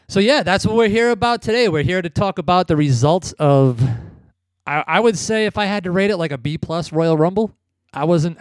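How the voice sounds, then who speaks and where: A man's voice: a little high, dry recording, clean studio sound. Laid-back male podcast host. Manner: laid-back, swears and laughs often. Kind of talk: casual chat.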